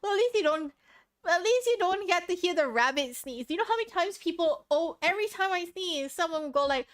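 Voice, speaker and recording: Now her voice is extremely high, animated and fairly quick as she chats casually on stream. Giggly and self-deprecating, she rambles on, sniffling from sneezes, into the noise-suppressed desk microphone.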